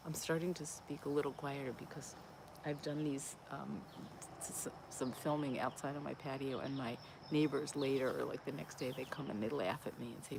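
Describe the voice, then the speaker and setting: A woman's voice: sits low, normal speed, vocal fry, noisy background. A woman in her fifties hosting a live Q&A stream, chatting in a rambling way with lots of fillers and restarts as she answers viewer comments. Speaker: host of a plant-based cooking channel.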